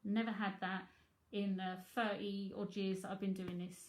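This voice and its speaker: A woman's voice: medium pitch, flat delivery, normal speed, reverberant. A middle-aged woman, a psychic tarot reader, chatting frankly and laughing often as she answers viewers. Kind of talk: casual livestream chat.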